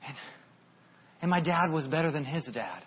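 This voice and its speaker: A man's voice: very animated, normal speed, slightly rough. A man in his thirties preaching a sermon, telling a personal story in an earnest, confessional way. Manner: earnest, confessional, swells louder and higher at emotional peaks. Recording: dull lo-fi sound.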